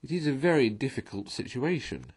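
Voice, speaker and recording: A man voicing a sensible, worried male water rat in a storybook reading, measured and reasoning. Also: medium pitch, wildly swooping pitch, a little mellow, breathy edge, pitched above the performer's own voice. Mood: reflective.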